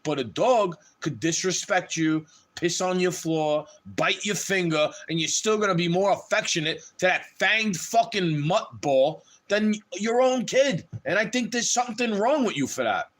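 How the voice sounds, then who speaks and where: A man with a high voice holds forth on a livestream in a heated, swearing rant. His pitch climbs and plunges widely as he talks, so the delivery sounds restless and agitated throughout. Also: expressive, measured pace, hardly any pauses, a bit bright. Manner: heated, profane, ranting.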